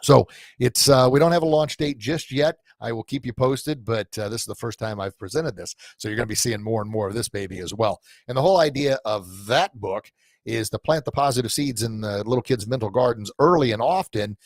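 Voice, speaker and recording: A man's voice: medium pitch, fairly quick, no echo. A middle-aged man hosting a live podcast stream, talking loosely to listeners with many fillers, restarts and heartfelt asides. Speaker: podcast host and coach. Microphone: camera mic in front of him.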